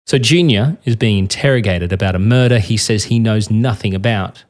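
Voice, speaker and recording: A man hosting a documentary podcast, reading scripted narration in a measured, dramatic way. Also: fairly low pitch.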